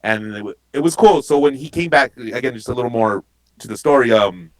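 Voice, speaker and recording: A man's voice: medium pitch, a little fast, low-quality recording. Man telling a rambling emotional story. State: getting teary-eyed. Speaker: podcast guest and wrestling promotion insider. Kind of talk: casual podcast chat.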